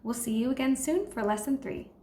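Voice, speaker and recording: A woman giving a slow, patient beginner language lesson, modeling each word and encouraging listeners to repeat after her. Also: high voice, background noise. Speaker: language teacher. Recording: echoey room with faint ambience.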